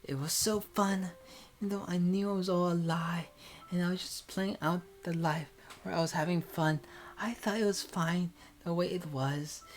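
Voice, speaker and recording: A woman voicing an anguished, guilt-ridden young woman in a hushed, breathy whispered role-play. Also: lowish voice, fairly even intonation, normal speed, pitched above the performer's own voice, close to an everyday voice. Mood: wistful.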